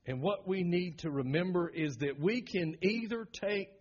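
A middle-aged Southern American pastor preaching with a husky, slightly raised voice. He is folksy and joking, then drops to a hush for the serious points. The recording sounds muffled and lo-fi. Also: sits high, moderate pace. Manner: folksy, humorous, swings from loud to hushed. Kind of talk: sermon.

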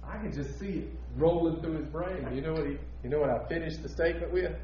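A male pastor delivering a sermon, shifting between loud emphatic preaching and quiet, intimate asides. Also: fairly high pitch, quick pace, muffled recording, a little hiss or hum.

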